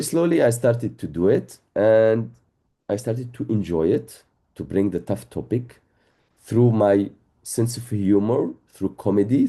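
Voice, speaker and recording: A man's voice: on the low side, warm tone. A man from Israel, a native Arabic speaker in his thirties, tells humorous personal stories in a talk and acts out the dialogues. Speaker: educator and workshop facilitator.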